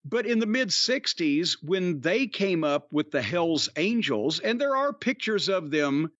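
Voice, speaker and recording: A man on a podcast telling rambling, profane stories in a casual, animated way. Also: high voice, unhurried, no room sound, dull audio. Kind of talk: casual storytelling chat.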